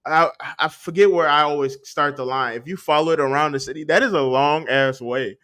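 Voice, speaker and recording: A man's voice: fairly high pitch, brisk, fairly bright tone, smooth. A man hosting a podcast in casual chat, loose and joking, laughing often. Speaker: podcast host.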